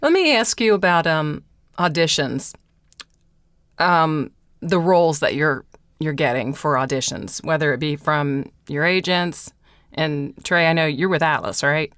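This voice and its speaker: Woman podcast host, unhurried and smooth, thoughtful interviewer. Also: deep voice, a bit bright, no room sound, clean studio sound. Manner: thoughtful, searching for words. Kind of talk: interview questions.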